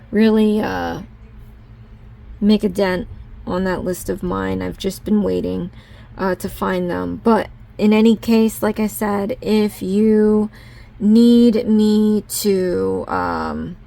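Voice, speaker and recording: A crafting vlogger with a gravelly, mid-range voice talks through a casual unboxing haul. She gushes over each item and gets excited easily.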